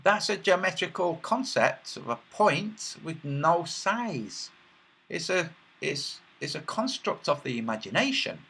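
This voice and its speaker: Husky, lively man streaming. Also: on the high side, a little slow. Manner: rambling and mocking, with many filler sounds. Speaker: livestream host reading chat. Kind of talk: casual livestream chat.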